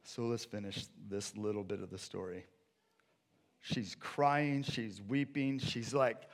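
A male pastor preaching a sermon with animated storytelling, acting out scripture characters. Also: lowish voice, slow pace.

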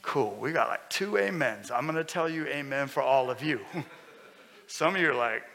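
A man preaching a sermon as pastor, conversational and lively, with sudden loud bursts. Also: fairly high pitch, normal speed, gravelly. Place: church hall. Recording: long hall reverb.

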